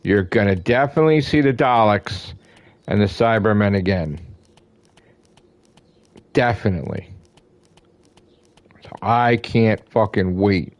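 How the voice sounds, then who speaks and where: A man with a lowish voice rants as an excited fan, swearing freely and hammering the same phrases again and again. The sound is dry and close, with no room echo. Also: unhurried, pauses often. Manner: emphatic, profane, repeats himself. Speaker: gaming channel host. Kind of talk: excited fan rant to camera.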